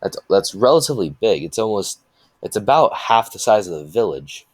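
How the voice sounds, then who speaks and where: A man's voice: fairly low pitch, very animated, moderate pace, no room sound. A man improvising a fan story and rambling along with many restarts and fillers.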